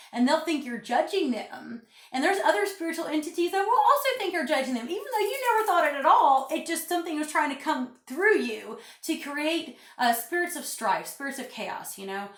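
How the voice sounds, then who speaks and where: Woman vlogger, fairly high voice, preachy and emphatic, phone mic in a roomy space. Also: fairly bright tone. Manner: emphatic, preachy, repeats phrases for stress. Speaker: spiritual vlogger. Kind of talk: casual vlog monologue.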